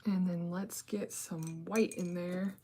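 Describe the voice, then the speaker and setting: A woman giving a casual face-painting tutorial, talking in a relaxed, chatty way as she works at a mirror and sometimes dropping into soft whispers. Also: lowish voice, slow pace, a little hiss or hum. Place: indoors at a mirror.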